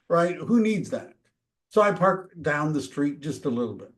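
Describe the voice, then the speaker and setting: A man's voice: on the high side, normal speed. Conversational man coaching agents. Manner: conversational, acts out dialogues. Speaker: real estate trainer. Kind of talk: training talk.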